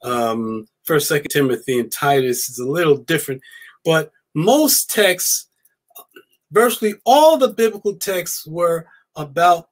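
A man with a high voice speaks as a guest scholar in a live-stream conversation. He talks emphatically and gets wound up, repeating his key words for weight. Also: a little slow. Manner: animated, emphatic, with repetitions.

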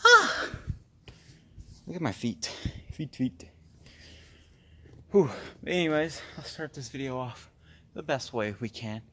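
A man's voice: medium pitch, unhurried, long pauses, breathy edge. A young man vlogging as he explores a cold outdoor tunnel, rambling and out of breath, easily startled by sounds. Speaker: paranormal vlogger. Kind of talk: casual vlog exploring a tunnel.

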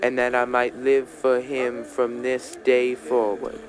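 A man voicing an elderly church woman who gently leads a young man through a prayer, slow and preacherly. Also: medium pitch, completely flat delivery, a loud crowd, close to an everyday voice. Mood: solemn leading.

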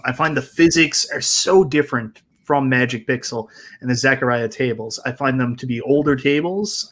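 Earnest mid-pitched male co-host. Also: fairly bright tone. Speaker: podcast co-host. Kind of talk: casual podcast chat.

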